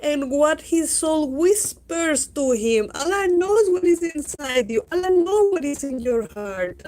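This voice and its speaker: A woman's voice: sits high, animated, unhurried, mellow. A woman with a Spanish accent, a Spanish-speaking teacher giving an earnest, repetitive religious talk in English, with non-native grammar. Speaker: Islamic teacher.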